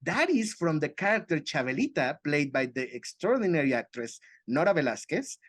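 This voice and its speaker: A man from Mexico, co-hosting a casual chat podcast and breaking into lively character voices. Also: fairly high pitch, moderate pace, no echo. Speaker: podcast co-host.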